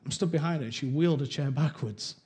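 A young man candidly sharing his personal testimony in a conversational way, with halting restarts. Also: on the high side, warm tone.

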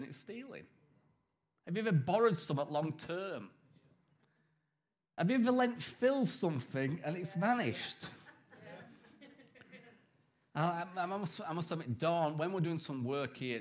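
A man's voice: a little high, expressive, normal speed. A man preaching a sermon in a conversational, emphatic way, acting out quoted voices.

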